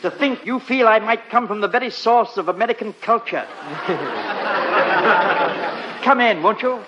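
A man's voice: very high voice, normal speed, crowd noise. A man playing a polite, dry-witted English butler in a 1940s radio comedy, recorded on a muffled old broadcast with hiss.

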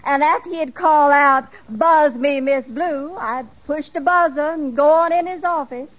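A woman playing a coy secretary giving testimony with a demure, deadpan delivery, in 1940s radio comedy style. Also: high voice, measured pace. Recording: muffled old radio broadcast.

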